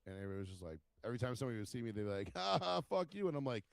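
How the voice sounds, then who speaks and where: A man casually telling profane, animated stories as a podcast co-host and acting out other people's lines. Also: on the low side, rapid-fire, dry recording. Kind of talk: casual chat, storytelling.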